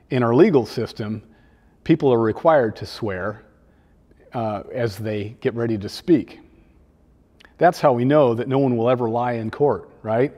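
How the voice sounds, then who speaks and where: A man, a children's pastor, preaching a sermon in a conversational, gently humorous way. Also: medium pitch, long reverb tail.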